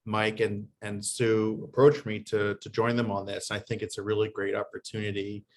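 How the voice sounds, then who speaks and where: A man's voice: lowish voice, little pitch movement, moderate pace. A man chairing a political club's meeting, announcing the agenda with many fillers and restarts. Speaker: club president and meeting chair.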